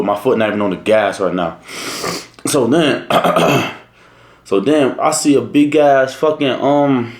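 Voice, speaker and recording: A young man in college tells a slangy, profane story in a casual, animated way. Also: medium pitch, echoey room. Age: young adult.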